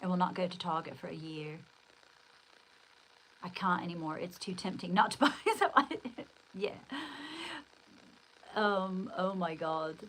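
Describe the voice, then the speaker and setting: A woman's voice: fairly low pitch, measured pace, pauses often, fairly bright tone, slight background noise, poor audio. An older woman hosting a casual livestream, chatting in a rambling, exclamatory way and reading out viewer comments. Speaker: livestream host.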